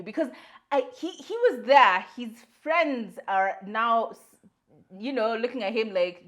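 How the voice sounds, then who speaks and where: A woman's voice: on the high side, normal speed. A young adult woman, co-hosting a podcast, telling a story in casual chat, acting out what people said and mixing in Swahili. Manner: animated storyteller, slips into Swahili, acts out quotes. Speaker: podcast co-host.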